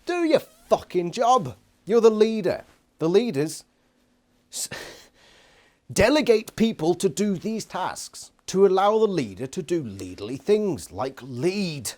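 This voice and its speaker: A man's voice: high-pitched, big pitch swings, slow, darkish tone. Sweary man ranting animatedly. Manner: exasperated, sweary, sarcastic. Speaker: book reviewer. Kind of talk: ranting book review. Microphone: phone nearby.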